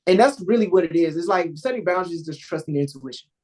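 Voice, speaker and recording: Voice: mid-range voice, animated, quick pace, a little mellow, rough recording. Direct, plain-spoken podcast host. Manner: direct and informal, with casual dropped grammar and frequent "right?". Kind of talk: casual conversational podcast talk.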